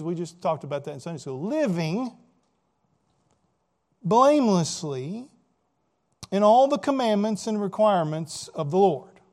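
Male preacher, higher-pitched voice, emphatic sermon delivery, rhetorical questions, lots of "right?" tags. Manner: asks rhetorical questions, many "right?" tags and repeated words; emphatic, swings between loud and soft.

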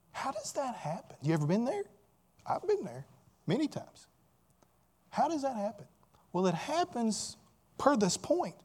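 A man's voice: high-pitched, a little mellow. A man preaching a sermon as a pastor, often asking his listeners rhetorical questions.

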